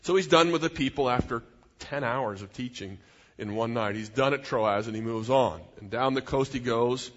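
A man's voice: medium pitch, moderate pace. A middle-aged man preaching a sermon as a pastor, in an earnest, conversational way with personal asides. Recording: dull sound in a reverberant hall.

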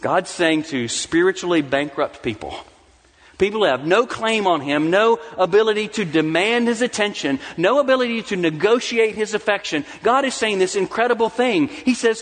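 A middle-aged man preaching a sermon as pastor, swinging from soft, low asides to rising, emphatic declarations. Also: expressive, moderate pace, big-room sound. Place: church sanctuary.

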